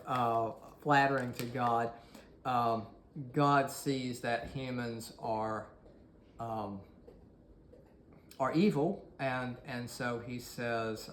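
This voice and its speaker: A man's voice: mid-range voice, steady tone, drawn-out words, reverberant, a little hiss or hum. A man giving a recorded course lecture, talking in a hesitant way with many fillers and restarts.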